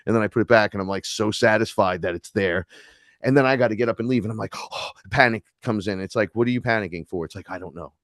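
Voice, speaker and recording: A man's voice: on the low side, fast, no room sound, clean studio sound. A man, a podcast guest telling stories in casual chat and acting out the voices he quotes. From New York City. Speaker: podcast guest, neo-shaman.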